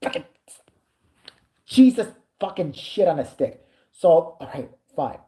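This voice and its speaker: A woman with a low voice and a dark, mellow tone tells a rambling, foul-mouthed story to camera. Her pitch swings widely as she jumps between her own lines and the people she quotes. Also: a little slow, reverberant. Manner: profane, animated storytelling. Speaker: vlogger. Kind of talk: storytime anecdote.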